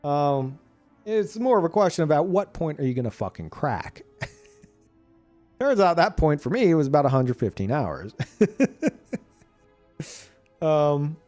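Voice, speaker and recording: A man streamer chatting casually about a video game, animated and profane, laughing often. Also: fairly high pitch, slow pace, pauses often, faint music behind.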